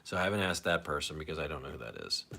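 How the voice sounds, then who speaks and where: A man's voice: a bass voice, animated, very fast, pushed and bright. A man hosting a casual live stream, rambling in a self-deprecating way as he reads viewer comments aloud. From St. Louis area, USA.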